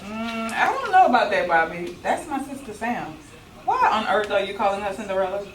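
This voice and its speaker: Woman reading Miss Rach: lively, bemused, questioning; off-mic room sound. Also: medium pitch, brisk, lightly acted. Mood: amused. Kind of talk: rehearsal line reading. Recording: roomy, distant mic, faint background noise.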